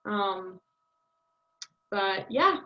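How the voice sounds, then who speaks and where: A woman's voice: mid-range voice, expressive, extremely slow. A young woman giving a casual class presentation, thinking aloud with many ums. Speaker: student presenter. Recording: dull lo-fi audio.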